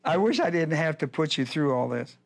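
A man's voice: a little high, very animated, fairly quick, vocal fry. A male pastor teaching a Bible lesson, emphatic and repetitive, speaking straight to his class. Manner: emphatic, repeats points, addresses the class directly.

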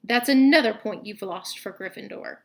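Sneering male potions master, put on by a woman, cutting and contemptuous, storybook reading, fairly high voice. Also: moderate pace, close to an everyday voice. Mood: snarling.

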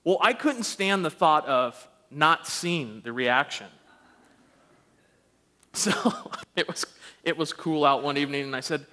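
A man preaching a storytelling sermon, animated and self-deprecating, acting out the voices in his stories. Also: fairly high pitch, measured pace, long pauses. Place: church sanctuary. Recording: long church reverb.

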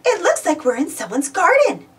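A woman voicing an upbeat young female gardener from a storybook, high and excited. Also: normal speed, distant mic, exaggerated voice. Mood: cheerful.

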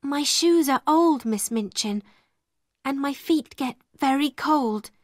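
Storybook girl: a woman voicing a brave, quiet servant girl, high and gentle. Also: slow pace, no echo, clean studio sound. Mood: earnest. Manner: quiet and earnest.

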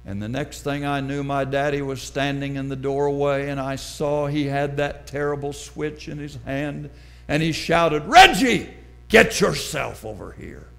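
A middle-aged man preaching a sermon, telling a personal story slowly and dramatically. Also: on the high side, a bit bright. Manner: slow, deliberate, dramatic storytelling.

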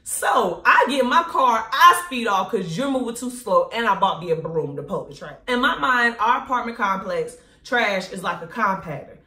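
A woman vlogger recounting a casual storytime to her viewers, animated and slangy, often breaking into laughter. Her voice sits in a middle range. The recording carries a noticeable echo from the room. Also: mid-range voice, normal speed, hardly any pauses. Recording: echoey room.

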